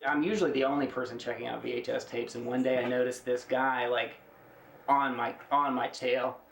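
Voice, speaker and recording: A man's voice: mid-range voice, little pitch movement, brisk, creaky, fairly bright tone, slight background noise. A man casually telling an amused anecdote in an interview. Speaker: interviewee, tape collector. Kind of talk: casual storytelling. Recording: roomy echo.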